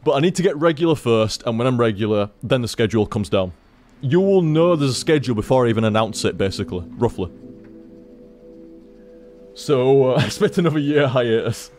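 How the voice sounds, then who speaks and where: Guy rambling on stream from home, swears a lot, repeats stuff, mid pitch voice, faint music behind. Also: expressive, brisk, darkish tone. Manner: loose, swears freely, repeats himself. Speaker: game streamer. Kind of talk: rambling casual chat to stream viewers. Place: at home at his computer.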